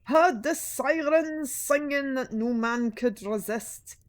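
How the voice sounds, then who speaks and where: A woman voicing a gruff old male sea captain with a deep, raspy voice, speaking slowly and dramatically in a narrative game. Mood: grandiose. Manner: slow, booming, dramatic.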